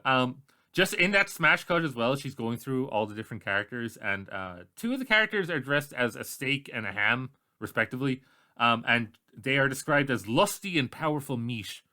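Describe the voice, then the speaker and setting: An Irish man co-hosting a podcast in casual chat, blunt and sweary. His voice is bright and lively, with pitch that jumps all over the place. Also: normal speed. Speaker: podcast co-host.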